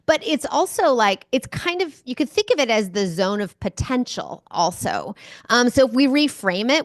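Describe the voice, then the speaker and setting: A woman guest on an interview show, answering questions as an enthusiastic, animated storyteller. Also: medium pitch, dry recording, studio quality. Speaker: guest speaker. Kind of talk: conversational interview.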